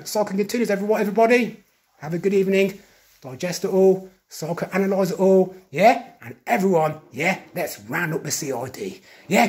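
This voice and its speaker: A man delivers an agitated, accusatory monologue in a fairly high voice that jumps up and down constantly. He piles up names and grievances and tags nearly every phrase with a rising "yeah?". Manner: accusatory, lists names and grievances in rapid repetition. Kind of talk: monologue vlog.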